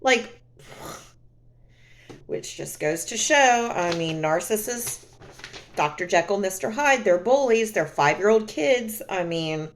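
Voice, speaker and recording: A woman's voice: mid-range voice, lively intonation, slow pace, slight background noise. A woman vlogging to camera in a casual, sarcastic, exasperated way.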